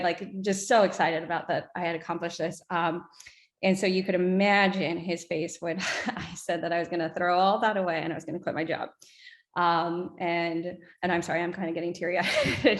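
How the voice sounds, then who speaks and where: A woman in her thirties speaks as an interview guest, earnest and reflective, often restarting her sentences. Her voice sits on the low side. The room around her rings with echo. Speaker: whiskey brand co-founder guest. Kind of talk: interview storytelling. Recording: echoey room.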